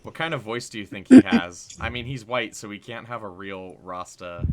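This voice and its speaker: A man hosting a livestream, chatting casually and excitably over a game, with slangy talk that gets loud when he is hyped. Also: fairly low pitch, normal speed. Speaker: livestream host. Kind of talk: casual gameplay chat.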